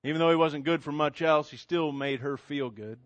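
A man's voice: a little high, moderate pace, no room sound, lo-fi sound. A man telling a story in a casual, conversational way, with asides to the listener. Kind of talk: oral storytelling.

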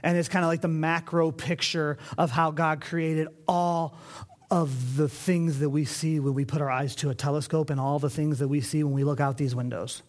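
A man preaching a sermon, slightly high voice. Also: steady tone, moderate pace. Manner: reads scripture aloud, then comments with everyday examples. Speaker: pastor. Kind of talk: sermon with scripture reading.

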